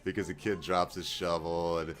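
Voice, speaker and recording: Deep-voiced rambling folksy man. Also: level tone, moderate pace, over music. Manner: folksy, rambling, chuckling asides. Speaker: channel host. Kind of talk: casual rambling video monologue.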